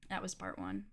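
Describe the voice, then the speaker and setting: A woman streamer telling a wild personal story in a casual, animated way, swearing freely and laughing often. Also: lowish voice, husky.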